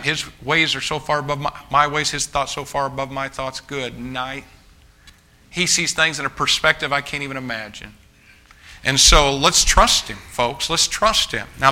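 A man's voice: medium pitch, sharp tone. A man preaching a sermon to a live congregation in a church. He speaks emphatically, often restarts his phrases and keeps calling out to the listeners as folks. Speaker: pastor.

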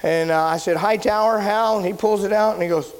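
A man preaching, telling a personal story in a sermon, animated and shouting at the big moments. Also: fairly quick, background noise. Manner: animated storyteller, shouts at high points, drops low and quiet when somber.

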